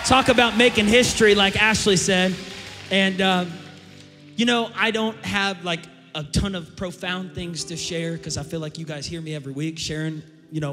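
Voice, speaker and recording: A man's voice: high voice, sharp tone. A man preaching a sermon as pastor, in a casual storytelling manner with a chatty drawl, on a stage microphone in a large church auditorium. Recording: long hall reverb, faint music.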